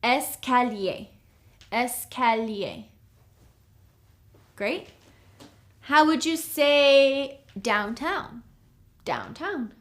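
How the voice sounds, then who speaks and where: A woman teaching a recorded language lesson, drilling words slowly and checking in with "okay?". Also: high voice, lively intonation, a bit bright. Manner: slow, clear drilling of words with frequent "okay?". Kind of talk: recorded lecture.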